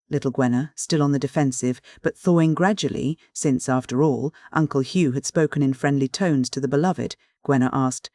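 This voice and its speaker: An audiobook reader narrating a classic novel in a measured, even manner. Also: medium pitch, no room sound, clean studio sound.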